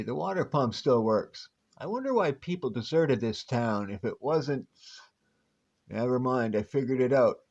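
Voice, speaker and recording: A man's voice: medium pitch, darkish tone. A man voicing a wisecracking, upbeat male superhero detective in a breezy, jokey way, on a dull lo-fi recording. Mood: joking.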